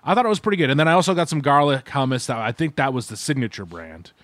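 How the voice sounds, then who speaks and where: A man's voice: medium pitch, lively intonation, quick pace, a bit bright, no room sound. A man co-hosting a podcast, giving a rambling, meandering casual food review. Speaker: podcast co-host. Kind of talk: casual chat.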